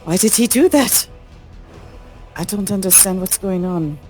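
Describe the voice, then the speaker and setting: A man's voice: a little high, takes it slowly, darkish tone, faint music behind. A man voicing a tough, wounded young woman soldier in a tabletop game, speaking earnestly with a raised voice. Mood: confused.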